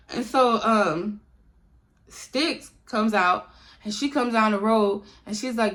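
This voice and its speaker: A woman's voice: mid-range voice, animated, moderate pace, fairly bright tone. A young woman casually retelling a personal story to her viewers, chatty and talking to them directly as y'all, acting out what others said. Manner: acts out quoted dialogue. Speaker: storytime vlogger.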